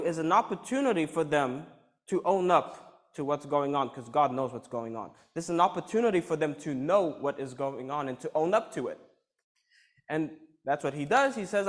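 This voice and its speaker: A man's voice: fairly high pitch, lively intonation, normal speed. A man preaching a sermon, reading scripture passages and then explaining them in his own words.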